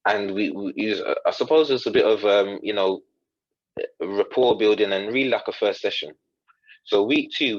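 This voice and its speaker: Recorded dry and muffled, a man with a lowish voice tells a story in earnest. He's a coach on a podcast, quoting others' dialogue and restarting his sentences often.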